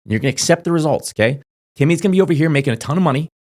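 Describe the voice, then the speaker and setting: A young man talking casually to camera, giving crypto advice in a rapid, emphatic way, full of fillers and checking in with "okay?". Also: a little high, animated, darkish tone. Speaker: crypto YouTuber.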